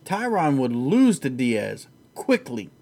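A man's voice: medium pitch, big pitch swings, slow, creaky, dark tone. A man hosting a casual, profane chat about fights, rambling and laughing easily. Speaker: podcast host.

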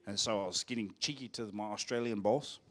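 A man's voice: on the low side, fairly quick, fairly bright tone. A man with a New Zealand accent, a pastor preaching a live church sermon, telling a personal story in a jokey, playful way and getting the congregation to call out phrases. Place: church service.

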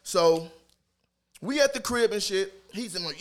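A man on a live stream telling a comic story in casual chat, animated and profane, acting out the people he quotes. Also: high voice, moderate pace.

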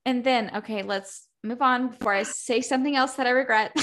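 A young woman hosting a casual book podcast, recapping chapters in an animated, profane way, laughing often and acting out the characters. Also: on the high side, a little fast. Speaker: podcast host.

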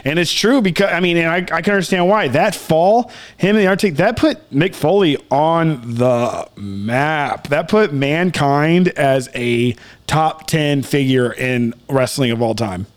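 A man co-hosting a casual podcast, rambling through his points with swearing and frequent restarts. His voice sits slightly high for a man. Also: a little slow. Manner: rambling, profane, restarts, mimics people in raised voice. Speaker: podcast co-host. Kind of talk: casual chat.

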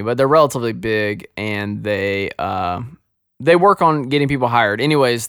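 A man co-hosting a podcast, telling an animated story in casual chat, laughing often and acting out quoted dialogue. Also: medium pitch, clear, resonant tone, dry recording, clean studio sound. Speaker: podcast co-host.

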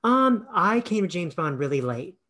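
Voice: medium pitch, very animated, normal speed, a bit bright. A podcast co-host chatting casually about a film, hesitant and full of fillers. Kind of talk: casual film review chat.

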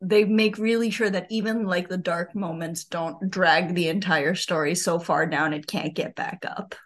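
A woman's voice: on the low side, fairly even intonation, normal speed. A woman co-hosting a casual chat about a movie, talking freely and laughing often. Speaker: podcast co-host.

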